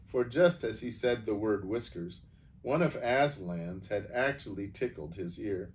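Slow, low-voiced man reading a storybook. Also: lively intonation, far from the mic. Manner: gentle, unhurried reading. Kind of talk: reading a children's book aloud.

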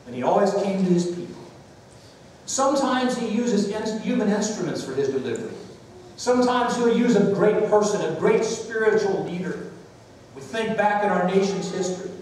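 A male pastor preaches a sermon in a church sanctuary, moving from storytelling to calls for amens. His voice is fairly high. It reaches the mic from a distance, with long reverb around it. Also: animated, moderate pace, a little mellow, a little hiss or hum.

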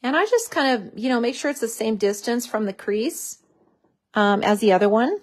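A woman's voice: a little high, expressive, moderate pace, a little mellow. A woman hosting a craft tutorial, chatting casually and gushing over how cute everything is as she works.

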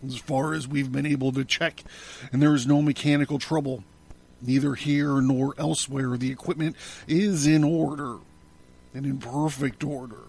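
A man voicing a frightened, weary male chief engineer who stammers softly. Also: medium pitch, fairly even intonation, normal speed, creaky, breathy edge. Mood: fearful. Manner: stammering, soft-spoken.

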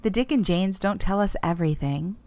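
A woman voicing a quiet, steady girl who leads the group, speaking decisively in a storybook reading. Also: medium pitch, fairly quick, close to an everyday voice.

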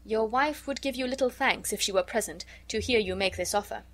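A woman reading the lines of a young woman posing as a wise counsellor, grave and measured, in a storybook. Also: a little high, a bit bright, close to an everyday voice.

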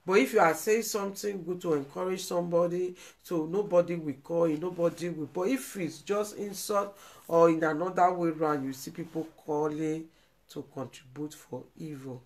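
This Nigerian host of a live video pleads emotionally and says things again and again in her live-stream commentary. Her lowish voice has a darkish tone and moves at a moderate pace.

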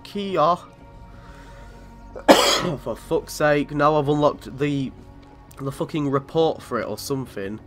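Man, game commentator, bright and slow-talking, swears and laughs a lot, faint music behind. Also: on the high side. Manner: sweary, chatty, laughs often. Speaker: gaming channel host.

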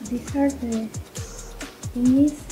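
A young woman from Argentina, casually chatting through an unboxing as a gushing, excitable fan who giggles and says "um" often. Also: sits high, slow pace, low-quality recording. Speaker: vlogger. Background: faint background music.

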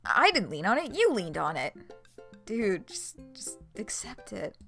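A woman streaming a game, reading and reacting in an excitable way, swearing and laughing often. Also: medium pitch, unhurried, gravelly, soft background music. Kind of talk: gameplay commentary.

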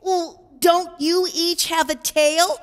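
A woman's voice: very high voice, level tone, slow, pitched above the performer's own voice. A woman voicing a young misfit duckling girl with an earnest, wistful manner, read for a storybook. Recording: long reverb, faint background music.

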